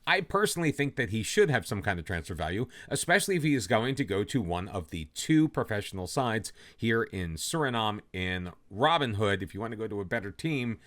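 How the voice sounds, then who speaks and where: Chatty man hosting a football manager playthrough. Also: on the low side. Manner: chatty, self-deprecating, lively ups and downs. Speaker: let's play host. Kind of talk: casual gameplay commentary.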